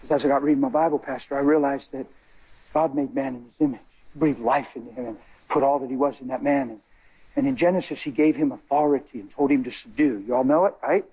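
In an emotional church testimony, a man speaks fast with a warm tone and a breathy edge. He is impassioned and emphatic, moving from high cries down to low murmurs. The audio sounds dull.

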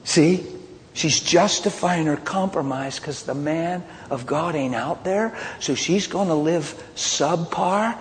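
Pastor, male, lively and blunt storyteller, slightly high voice, big hall reverb with faint room noise. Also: slow pace. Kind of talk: sermon.

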